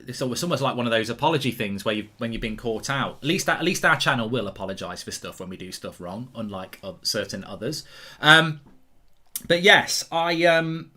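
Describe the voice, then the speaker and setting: An English man hosting a casual live football watchalong, chatting with viewers and breaking into jokey mock news bulletins. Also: medium pitch. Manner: jokey, excitable, mock-newsreader bursts. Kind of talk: casual live-stream chat.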